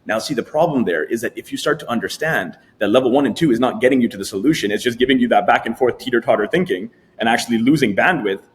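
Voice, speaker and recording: A man in his middle pitch range, speaking as a guest coach on a podcast. He explains things step by step and slips into lively, acted-out inner voices to show his points. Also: fast talker, few pauses. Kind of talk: explanatory interview talk.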